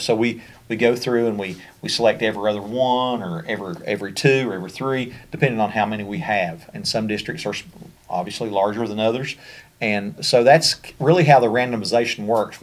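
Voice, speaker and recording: Kentucky guy walking folks thru a training, lowish voice, easygoing and full of fillers. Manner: conversational, many fillers and restarts. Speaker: special education trainer. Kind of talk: training presentation over slides.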